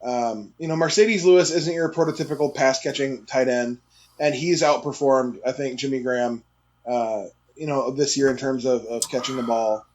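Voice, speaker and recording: A man's voice: medium pitch, fairly even intonation, normal speed, darkish tone. A man co-hosting a sports podcast who talks earnestly with plenty of hesitant fillers. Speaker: podcast co-host. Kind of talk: casual chat.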